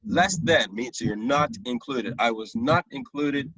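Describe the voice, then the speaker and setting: A man's voice: medium pitch, animated, measured pace, a bit bright, slightly rough, dry recording. A young man teaching a math lesson online, often checking that his students follow. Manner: patient, checks understanding often. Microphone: computer mic on a video call. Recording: dull, lo-fi video call audio.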